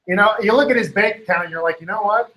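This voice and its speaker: His voice sits high and a bit bright, captured on a low-quality recording. In loose, casual talk he rambles, says "like" and "you know" constantly, and voices other people's lines as quotations.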